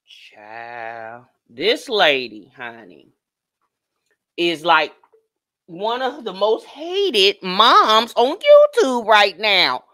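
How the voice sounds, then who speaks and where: A woman's voice: on the high side, very animated, slow, bright, forceful tone, dry recording. A woman hosting a live reaction stream, talking frankly in a casual way and greeting chatters by name. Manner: frank, lightly profane.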